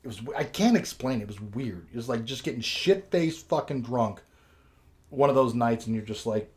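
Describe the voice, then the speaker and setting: A man in a casual podcast chat, rambling through a story full of swearing and laughter. His voice sits at a middle pitch. He holds the floor, piling on asides. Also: lively intonation, normal speed, a little mellow. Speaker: podcast host.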